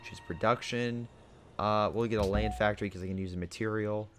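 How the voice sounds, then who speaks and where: A young man with a fairly low voice talks through his strategy game in a relaxed, casual way, thinking aloud as he orders units around. Game music plays clearly behind him. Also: a little fast. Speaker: gaming video host. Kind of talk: casual gameplay commentary.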